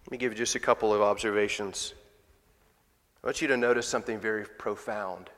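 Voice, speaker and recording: A man's voice: fairly low pitch, steady tone, brisk, fairly bright tone, in a large hall. A man preaching a sermon in a church, talking conversationally and asking the congregation rhetorical questions. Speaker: pastor. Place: church sanctuary.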